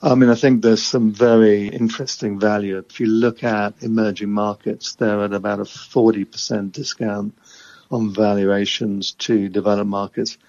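A man who invests in emerging market equities, answering interview questions in a measured, analytical way. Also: fairly low pitch, darkish tone, no room sound, muffled recording.

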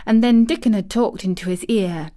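A woman reading a classic children's novel aloud in steady scripted narration. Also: medium pitch, moderate pace. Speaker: audiobook reader.

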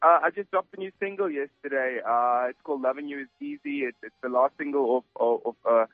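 A man's voice: medium pitch, brisk, dry recording. Easygoing male singer on a phone line. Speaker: singer calling in. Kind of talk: phone interview.

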